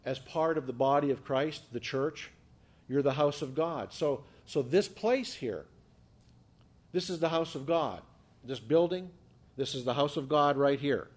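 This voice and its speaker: Speaking unhurriedly in a slightly high-pitched voice, a male pastor preaches emphatically. He repeats words, restarts phrases, and keeps posing rhetorical questions to his listeners.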